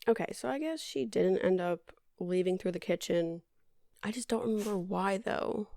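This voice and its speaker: A woman's voice: medium pitch, moderate pace, creaky, dark tone, no echo. A woman podcast host giving a casual movie recap in a dry, sarcastic, rambling way.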